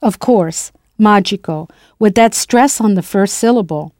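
A woman narrating a scripted language lesson in a clear, playful way, spelling words out letter by letter. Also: medium pitch, measured pace, dark tone, no room sound, studio quality. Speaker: language teacher.

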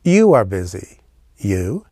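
A man's voice: deep voice, big pitch swings, takes it slowly, mellow, dry recording, clean studio sound. A man teaching a classroom language lesson, patiently explaining step by step with memory aids.

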